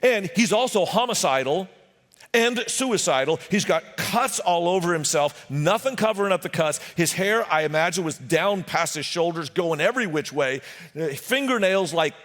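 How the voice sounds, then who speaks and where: Animated preacher man in a reverberant hall. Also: high voice, moderate pace. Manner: animated storytelling, acting out voices and jokes. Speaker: pastor. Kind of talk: sermon. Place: church sanctuary.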